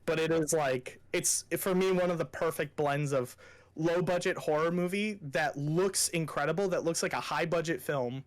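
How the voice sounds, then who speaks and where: A man's voice: a little high, moderate pace. A young man co-hosting a podcast, chatting casually and gushing with enthusiasm, swearing freely. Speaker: podcast co-host. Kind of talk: casual chat.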